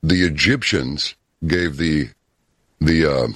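A man talking as a guest in an interview, telling stories in an emphatic, deliberate way. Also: rumbling low, a bit bright, dry recording, studio quality. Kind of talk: casual interview talk.

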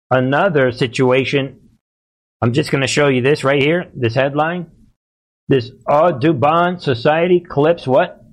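A male host delivers live-streamed political commentary in a slightly raised voice. He talks in an agitated, repetitive and preachy way. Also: on the high side.

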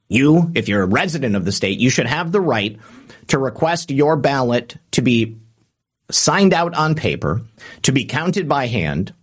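A man's voice: medium pitch, breathy edge. A man hosting a political commentary show, reading out quotes and adding sarcastic remarks with frequent "uh" fillers. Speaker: political commentary podcast host.

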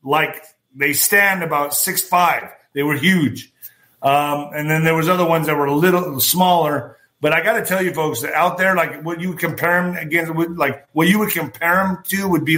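Guy rambling thru stories for his listeners, kinda high, sharp bright voice. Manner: rambling, anecdotal, talks straight to listeners as folks. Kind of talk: casual storytelling and news commentary.

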